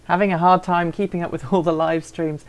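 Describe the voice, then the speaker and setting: A woman's voice: lowish voice, fairly even intonation, fairly quick. A woman hosting a casual live stream, chatting and answering viewer comments in a playful, self-deprecating way.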